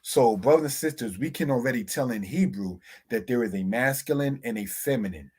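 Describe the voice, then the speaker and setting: Husky man teaching Hebrew vocabulary. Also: mid-range voice, lively intonation, darkish tone. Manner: slow, deliberate spelling-out of words. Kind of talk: slide lesson on Hebrew words.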